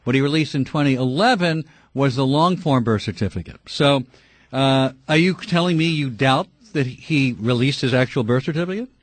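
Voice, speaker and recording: A middle-aged man hosting a call-in radio talk show, talking fervently and breaking into shouting rants. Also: medium pitch, moderate pace, no room sound. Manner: impassioned, ranting, shouting at times.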